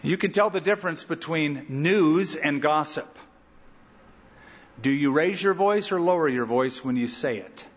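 A middle-aged man, a pastor, giving an animated verse-by-verse sermon with emphatic pauses, then leading a prayer. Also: a little high, breathy edge. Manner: animated, emphatic preaching with dramatic pauses and asides. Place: large church sanctuary. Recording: dull lo-fi recording with long hall reverb.

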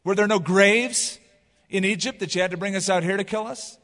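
A man's voice: high voice, fairly quick, fairly bright tone, big-room sound, voice pushed up. A man voicing a complaining crowd of desert wanderers with a nagging, self-pitying whine. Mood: whining.

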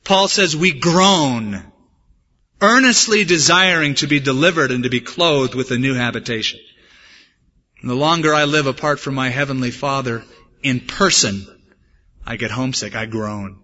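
Bright-voiced American pastor preaching. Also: male voice, mid-range voice, moderate pace. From United States. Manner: earnest preaching mixed with humorous personal stories. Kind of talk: sermon. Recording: dull, echoey church hall recording.

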